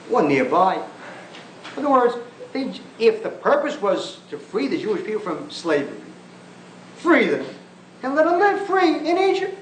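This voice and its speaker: Brief: high-pitched, impassioned male lecturer, wide swings in pitch, sarcastic edge. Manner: emphatic, repeats phrases for force; sarcastic asides. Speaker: lecturer on Jewish thought. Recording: echoey room with faint background noise.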